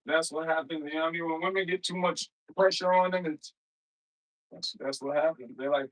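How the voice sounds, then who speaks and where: A man's voice: on the high side, fairly even intonation, normal speed, low-quality recording. A man hosting a livestream, chatting casually and loosely with slang, rambling and calling out viewers in the chat by name. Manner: loose, slangy everyday speech. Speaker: livestream host.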